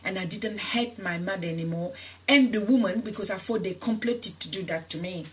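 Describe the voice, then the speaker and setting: A woman's voice: medium pitch, fairly quick, a bit bright. A woman activist from Senegal who grew up in France, telling her personal story in an interview, earnest and emotional, with many restarts. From Senegal, raised in France. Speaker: activist guest.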